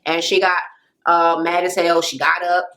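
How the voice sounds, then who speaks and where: Recapping a reality TV episode from home, this woman is blunt and profane and acts out quoted voices as she retells scenes. Her lowish, fairly bright voice barely moves in pitch and runs a little slow; the camera mic gives poor audio, and a helicopter is audible since she lives near a police station.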